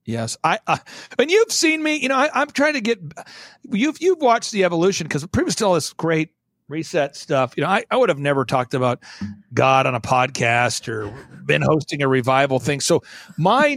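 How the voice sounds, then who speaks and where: Blunt, fast-talking man with a high voice. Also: no room sound, clean studio sound. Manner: blunt, animated, acts out quotes in voices. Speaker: guest.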